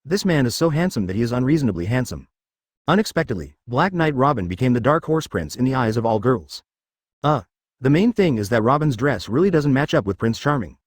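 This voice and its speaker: A man's voice: mid-range voice, big pitch swings, a little fast, no echo, studio quality. A man reading a story aloud as scripted audiobook narration, in a matter-of-fact way.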